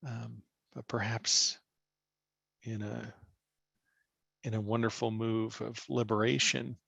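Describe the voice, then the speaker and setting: A man leading an online spiritual class over a video call, speaking gently and slowly while searching for his words. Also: fairly low pitch, level tone, vocal fry, slightly rough, dry recording. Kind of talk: reflective teaching talk.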